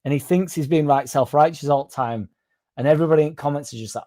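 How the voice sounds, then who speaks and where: A man's voice: a little high, fast, mellow. A man co-hosting a casual chat, rambling, self-deprecating and swearing casually. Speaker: podcast co-host.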